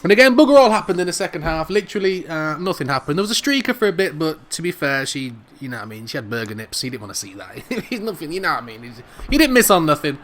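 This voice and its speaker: A middle-aged man with a Jamaican accent, giving excitable, laughing commentary over a football video game. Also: fairly high pitch. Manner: excitable, laughs often, drawn-out shouts over goals. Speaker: gaming commentator. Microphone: studio microphone.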